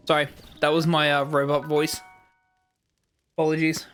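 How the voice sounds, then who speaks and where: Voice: medium pitch, flat delivery, normal speed, long pauses, a bit bright, smooth, faint music behind. A game streamer chatting casually, in a chatty, self-amused and apologetic way. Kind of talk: casual let's-play chat.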